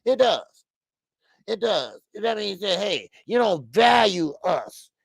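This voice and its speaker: A man's voice: high-pitched, slow pace, gravelly, slightly rough, no room sound. Heated male boxing show host. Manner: heated, animated, repetitive fillers. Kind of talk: casual opinionated commentary.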